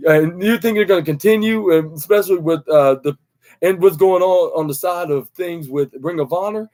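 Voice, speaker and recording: A man's voice: sits high, normal speed, darkish tone. Rambling young man recapping wrestling. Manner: rambling, many fillers and restarts, acts out quotes. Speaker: podcast host.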